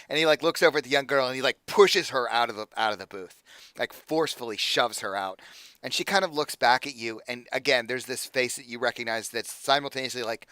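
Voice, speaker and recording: A man's voice: medium pitch, sharp tone, smooth, no echo. Casual young man running a tabletop game. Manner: casual, halting, many fillers and restarts. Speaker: game master.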